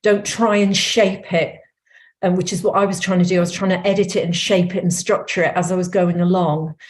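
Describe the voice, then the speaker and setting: A woman from North Wales with a North Welsh accent, a memoir author answering interview questions in an animated way, laughing often. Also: fairly low pitch, fairly quick. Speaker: memoir author and former editor.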